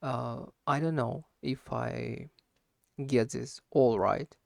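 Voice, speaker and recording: A man's voice: medium pitch, steady tone, takes it slowly, gravelly, darkish tone, dry recording. A man who is not a native English speaker, talking through a solo speaking practice with a slight harsh wheeze and lots of fillers and self-corrections. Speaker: language learner.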